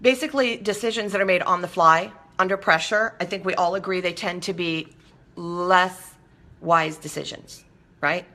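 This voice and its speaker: A woman hosts a casual talk segment, addressing her audience directly. Her voice is bright and forward. She talks animatedly, slipping into quick mimicked voices to make her point. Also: lowish voice. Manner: animated, acts out quoted voices. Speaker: talk show host. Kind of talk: casual monologue to viewers.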